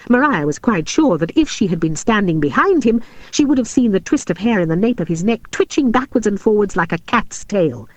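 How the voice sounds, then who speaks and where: Animated woman narrating a storybook. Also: fairly low pitch, dry recording. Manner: expressive and animated reading. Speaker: audiobook narrator.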